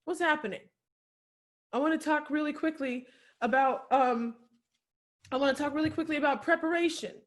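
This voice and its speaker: A woman's voice: sits high, normal speed, long pauses. Impassioned woman giving a keynote. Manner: impassioned, preacher-like, repeats phrases for emphasis. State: tearful at times. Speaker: keynote speaker. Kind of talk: motivational keynote speech. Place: home, remote video address.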